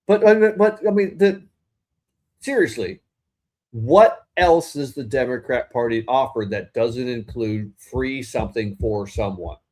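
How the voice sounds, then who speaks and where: A man's voice: mid-range voice, unhurried, darkish tone. A man co-hosting a political talk podcast, rambling and opinionated, often restarting his sentences mid-thought. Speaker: podcast co-host. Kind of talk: casual political podcast chat.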